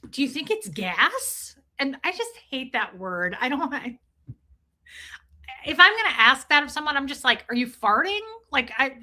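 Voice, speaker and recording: High-pitched and chatty, a young woman on a casual livestream tells a lively story and greets her viewers as it unfolds.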